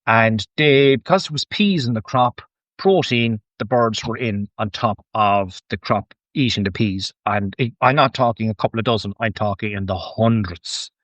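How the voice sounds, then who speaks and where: A man's voice: on the low side, moderate pace, dry recording, dull audio. An Irish man who farms, telling an anecdote as a podcast guest and acting out what people said to him. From Ireland. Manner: animated anecdote-telling, acts out quoted speech, chuckles often. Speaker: guest farmer. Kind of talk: casual storytelling interview.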